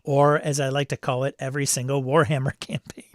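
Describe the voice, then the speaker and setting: A man's voice: medium pitch, level tone, brisk, dry recording, studio quality. A man hosting a live stream, chatting casually, reading viewer comments aloud and laughing often. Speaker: livestream host reading chat. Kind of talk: casual chat.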